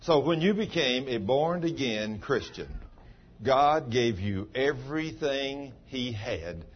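A man's voice: mid-range voice, expressive, takes it slowly. Man preaching in a folksy way. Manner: chatty, teasing the congregation by name. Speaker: pastor. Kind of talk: folksy sermon. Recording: dull sound with faint background noise.

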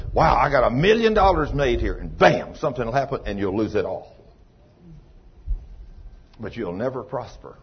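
A man preaching a sermon as pastor, telling a story and acting out the dialogue, swinging between loud and soft. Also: on the high side, husky, muffled recording.

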